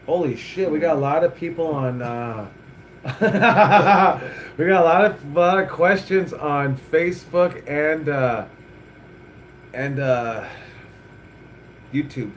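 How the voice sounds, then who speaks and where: A middle-aged wrestling coach talks bluntly, swearing freely and getting fired up as he makes his points. His voice sits a little high. The room is echoey, with faint ambience behind him. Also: takes it slowly, long pauses, a little hiss or hum. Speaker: wrestling coach and podcast host. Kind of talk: casual chat.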